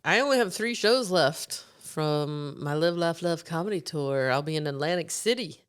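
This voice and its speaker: A woman comedian co-hosting a podcast in casual chat, playful, laughing often, and quick to jump into stories. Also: low voice, expressive, smooth.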